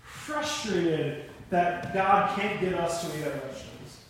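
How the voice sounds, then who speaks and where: Young male pastor, high voice, big echoey sanctuary, animated storytelling sermon. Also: measured pace, slight background noise. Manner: animated storytelling, voices God and a parent with raised pitch. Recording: very echoey church room.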